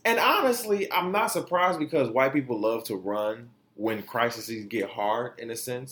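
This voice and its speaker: A man's voice: mid-range voice, expressive, unhurried, a bit bright. A man hosting a podcast, giving blunt, profane opinion commentary in a heated, ranting way and sometimes stumbling over his words. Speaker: podcast host.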